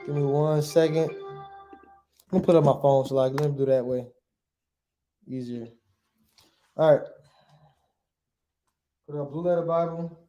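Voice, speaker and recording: A man's voice: on the high side, fairly even intonation, dark tone, echoey room, soft background music. A man giving an informal Bible language lesson, checking in with "right?" and stopping to look up words as he goes. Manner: casual, repeats "right?" often, pauses to look things up. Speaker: teacher.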